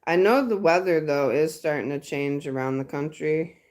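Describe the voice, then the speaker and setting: A woman's voice: deep voice, normal speed, darkish tone. A woman hosting a casual livestream chat, easygoing, answering comments from viewers. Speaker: livestream host.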